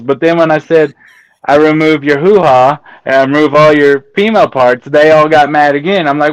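A man's voice: fairly high pitch, a little fast, clear, resonant tone, dry recording, low-quality recording. Man chatting casually about his work. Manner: storytelling, amused, acts out quoted exchanges. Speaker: guest, embalmer and autopsy tech. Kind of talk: casual podcast chat.

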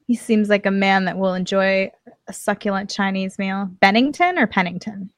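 A tipsy woman co-hosting a podcast, chatty and quick to react. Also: medium pitch, dry recording. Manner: chatty, easily amazed reactions. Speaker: podcast co-host. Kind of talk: casual chat.

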